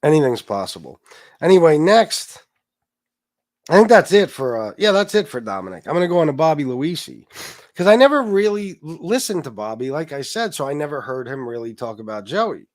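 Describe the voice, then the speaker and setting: This livestream host talks briskly in a slightly high voice with big swings in pitch, sounding congested as he rambles, curses, and reads out chat messages from viewers. The audio is studio quality with no room sound.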